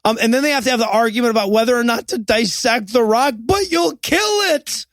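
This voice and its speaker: A man's voice: very high-pitched, steady tone, quick pace, no echo. A man co-hosting a comedy podcast, ranting sarcastically about a bad movie with casual profanity. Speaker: podcast co-host. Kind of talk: comedic movie-review banter.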